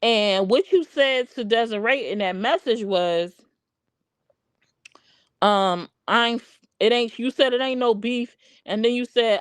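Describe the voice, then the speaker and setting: A woman with a slightly high, clear and resonant voice speaks at a measured pace, pausing often, with no room sound from her streaming microphone. As host of a casual drama-commentary livestream, she calls someone out bluntly and animatedly, repeating her points.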